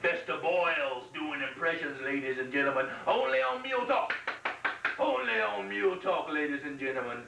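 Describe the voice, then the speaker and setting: A brash, boisterous mule hosting his own talk show, as a man hams him up, his pitch swooping as he plays to the crowd. A roomy room and tape hiss surround him, away from the mic. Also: animated, moderate pace, vocal fry. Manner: brash showman, hamming it up. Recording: roomy, distant, noisy home tape.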